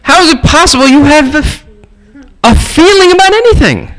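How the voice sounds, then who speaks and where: A man's voice: extremely high pitch, fairly quick, poor audio. A man lecturing a workshop, telling humorous stories, acting out voices and swearing casually as he speaks to the audience. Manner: animated storytelling, acts out voices, casual swearing; addresses the audience directly. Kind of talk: humorous teaching anecdotes.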